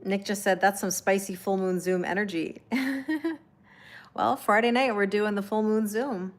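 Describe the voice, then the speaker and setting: With a mid-range voice and a slightly slow pace, she runs a relaxed live tarot session, reassuring her audience as she reads their comments out loud and shares laughs with them.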